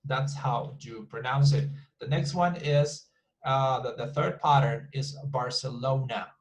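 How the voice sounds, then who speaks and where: Explaining material in an online English class, a man speaks at a measured pace in a mid-range voice, captured in low quality. He's a native Spanish speaker who models pronunciation through repetition and restarts many times.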